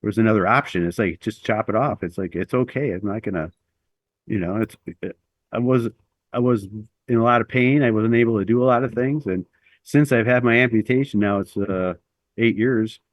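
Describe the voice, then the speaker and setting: A man's voice: fairly low pitch, brisk, no echo. A middle-aged man telling a long personal story as an interview guest, rambling and self-deprecating with lots of fillers.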